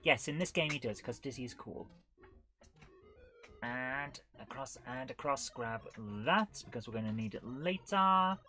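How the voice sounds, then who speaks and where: A woman's voice: a bass voice, a little slow, bright, forceful tone. A woman in her forties hosting a live retro-gaming stream, chatty and giggly, commenting on the game and reading chat aloud.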